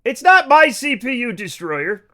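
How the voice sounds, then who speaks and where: A man streams a game live, talking to his chat in an animated, joking way with casual swearing. His voice sits high and sounds bright and forward. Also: measured pace.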